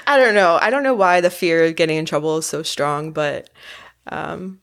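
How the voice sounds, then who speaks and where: Animated, giggly young woman storyteller. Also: deep voice, moderate pace. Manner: animated, laughs often, acts out quotes. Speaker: podcast guest. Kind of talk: casual storytelling chat.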